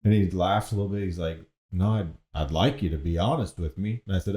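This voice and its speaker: A young man co-hosting a podcast, telling stories in a laid-back, casual way and quoting others in an even voice. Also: low voice, fairly quick. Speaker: podcast co-host. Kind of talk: casual chat. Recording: echoey room.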